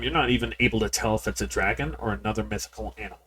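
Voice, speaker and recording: A man's voice: medium pitch, steady tone, fast, few pauses, slight background noise. Rambling man chatting over gameplay. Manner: rambling, repeats words, keeps addressing viewers. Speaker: game streamer. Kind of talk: casual gameplay commentary. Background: people yelling in the background.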